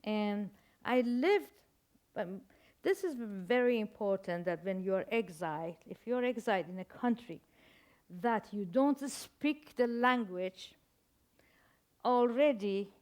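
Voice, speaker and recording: A woman's voice: medium pitch, lively intonation, darkish tone. Older woman with a Persian accent. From Iran. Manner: halting, searching for words, wry humor. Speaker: author guest. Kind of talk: reflective interview storytelling.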